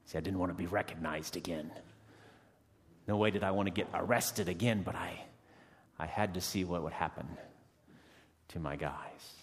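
A man playing a fierce, emotional rebel prisoner who has just been freed. He delivers a first-person dramatic monologue, swinging between hushed tones and loud outbursts with dramatic pauses. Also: deep voice. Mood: intense. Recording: long reverb of a large hall.

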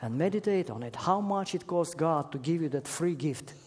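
A man delivers a sermon with emphatic force, his fairly high voice rising to loud peaks on key words. He sounds expressive and slightly rough at a moderate pace, and in the echoey church or large hall a long echo trails each phrase.

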